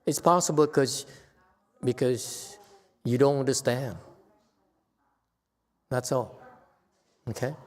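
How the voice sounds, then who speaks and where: A man's voice: medium pitch, takes it slowly, pauses often. Man teaching meditation in a hall. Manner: earnest, grows emphatic and animated, with laughs. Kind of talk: Dharma talk to a class. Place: temple hall. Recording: long reverb of a hall.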